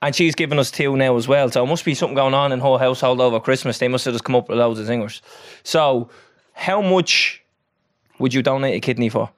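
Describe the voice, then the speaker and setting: A man's voice: mid-range voice, brisk. A man hosting a podcast, chatting and joking casually. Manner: lively, joking. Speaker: podcast host.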